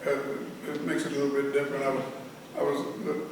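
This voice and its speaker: An older man telling a story in an oral history interview, halting and rambling with frequent restarts. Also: medium pitch, completely flat delivery. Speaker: interviewee, veteran and former prison director. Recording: echoey room, mic at a distance, faint hiss.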